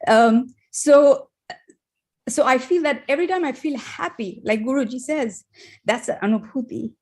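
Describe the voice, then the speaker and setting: A woman's voice: high voice, moderate pace. A woman sharing a personal spiritual testimony, emotional and close to tears, telling stories with feeling. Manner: emotional, tearful, warm storytelling.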